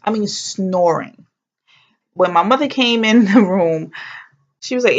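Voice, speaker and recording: A woman's voice: mid-range voice, expressive, measured pace, muffled recording. A woman vlogger telling a personal story in a chatty, heartfelt way, with exclamations and slang.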